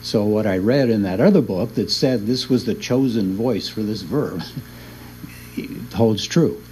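A man's voice: on the low side, a little slow, darkish tone, slight background noise, low-quality recording. A man teaching a Bible class in an easygoing lecture, often chuckling as he explains.

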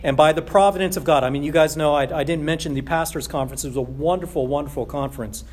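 A man preaching a sermon as a pastor, emphatic and repeating key phrases, slowing down on scripture quotes. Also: on the high side, a little mellow.

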